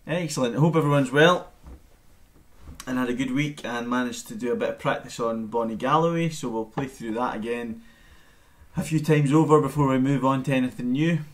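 A man giving a relaxed, chatty live-streamed bagpipe lesson from home into his camera mic. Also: mid-range voice, fairly quick. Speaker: bagpipe teacher.

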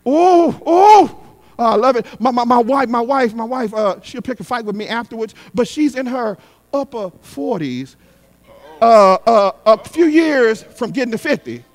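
A middle-aged man preaching a sermon. He repeats his lines in a call-and-response rhythm and swings between shouted peaks and quick, hushed asides. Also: very high voice, lively intonation. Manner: repetitive call-and-response cadence. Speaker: guest preacher.

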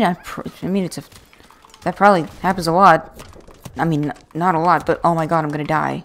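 Gravelly low-voiced woman gaming. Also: steady tone, brisk. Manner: chatty, rambling, self-mocking jokes. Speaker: gaming video creator. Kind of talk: let's-play gaming commentary. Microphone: USB desk microphone.

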